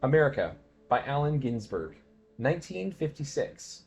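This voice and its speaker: A man giving a dramatic poetry reading, swinging between quiet musing and loud declamation. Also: medium pitch, sing-song, moderate pace, creaky, soft background music. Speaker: poetry reader.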